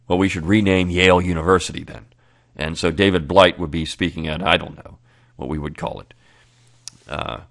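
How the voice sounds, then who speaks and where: A man's voice: low voice, fairly bright tone. A man hosting a weekly review podcast, talking at length in a discursive, unscripted way with many fillers and restarts. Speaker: podcast host. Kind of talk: unscripted commentary.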